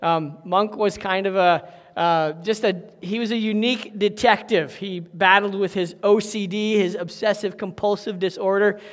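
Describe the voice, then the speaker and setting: High-voiced pastor in an echoey hall. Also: male voice, steady tone, moderate pace. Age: middle-aged. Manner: folksy, chatty, many ums and okays. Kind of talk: sermon. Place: church sanctuary.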